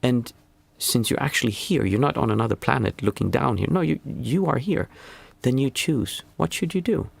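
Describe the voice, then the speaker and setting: A man giving a calm, musing spiritual talk as a meditation teacher, often restarting his sentences. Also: medium pitch, normal speed, creaky, husky.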